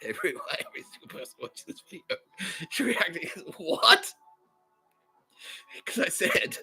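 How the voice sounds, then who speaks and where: Man, podcast host, rambling comic rant, swearing, giggly, bright voice, lively pitch. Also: measured pace, pauses often, husky, faint music behind, low-quality recording. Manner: swearing, laughing through his words, bursts of high-pitched giggling.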